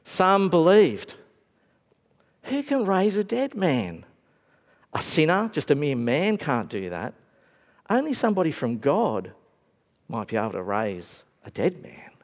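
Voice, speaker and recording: Animated preacher in a reverberant hall. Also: male voice, on the high side, unhurried, long pauses. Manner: animated storytelling, acts out the lines he retells. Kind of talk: sermon.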